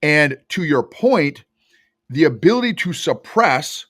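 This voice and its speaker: Speaking slowly in a fairly high voice, this emotional intelligence coach shares stories emphatically and with animation in a podcast interview. The recording is studio quality, with no room sound.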